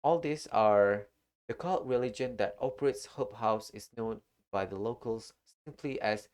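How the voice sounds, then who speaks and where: A man's voice: on the low side, darkish tone. A man streaming a horror game live, talking through the play and reading in-game documents aloud. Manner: reads in-game text aloud, unhurried. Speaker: gaming streamer. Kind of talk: live-streamed gameplay commentary.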